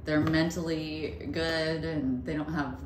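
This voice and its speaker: Low-voiced teasing woman, echoey room. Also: steady tone, slow. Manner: teasing, laughing. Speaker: podcast co-host. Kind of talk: casual chat. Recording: echoey room with audible hiss.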